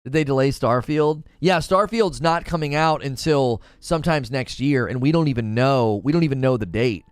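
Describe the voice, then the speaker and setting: A man hosting a live gaming stream, chatting back to viewers in an animated way with quick restarts. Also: medium pitch, smooth, dry recording, clean studio sound. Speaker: gaming channel host. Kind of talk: live-stream chat reading viewer comments.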